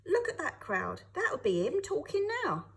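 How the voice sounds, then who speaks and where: A woman's voice: high voice, huge pitch swings, measured pace, vocal fry, full character voice. A woman reading aloud, voicing a kindly working girl who talks breathily and chattily between wheezes. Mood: eager.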